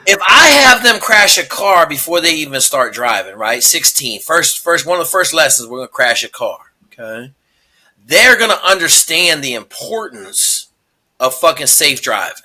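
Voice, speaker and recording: Bright, high-voiced profane storyteller man. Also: big pitch swings, moderate pace. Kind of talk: casual chat.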